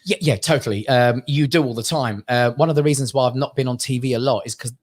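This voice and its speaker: A man's voice: mid-range voice, fast talker. A male comedian telling funny stories as a guest in a studio interview. He acts out voices and laughs often. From Armenia. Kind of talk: chatty anecdote-telling interview. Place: London studio.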